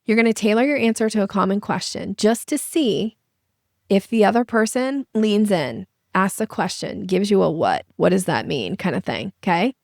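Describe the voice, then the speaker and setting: A woman sales trainer giving an energetic masterclass, acting out little voices to make her points. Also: medium pitch, normal speed, no room sound, studio quality. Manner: lively, acts out little voices and examples. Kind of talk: webinar masterclass presentation.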